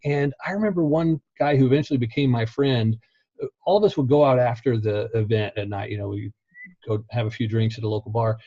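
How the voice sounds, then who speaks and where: A relaxed man talks casually as a podcast guest, chuckling through his stories. His voice is mellow and dark, with no room echo. The recording sounds dull and muffled. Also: mid-range voice, brisk. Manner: laid-back, laughs often while talking. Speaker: interview guest. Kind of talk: casual interview chat.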